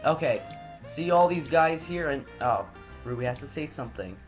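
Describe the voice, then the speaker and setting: A man's voice: on the high side, normal speed, faint music behind. A man doing joking, rambling gameplay commentary as host, often correcting himself. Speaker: let's play host.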